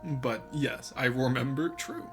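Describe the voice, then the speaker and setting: A young man's voice, on the high side and brisk, comes over faint background music as he casually chats on a live stream. He laughs often and stays animated while talking to his viewers.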